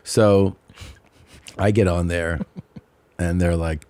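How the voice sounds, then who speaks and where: A man in his forties co-hosting a podcast, telling a story casually and acting out other people's lines in high, squeaky voices. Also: slow, dry recording. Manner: animated, acts out quotes in high voices. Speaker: podcast co-host.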